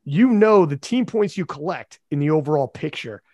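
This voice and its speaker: A man hosting a casual podcast chat, animated and quick with asides. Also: fairly high pitch, no echo. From Canada. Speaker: podcast host.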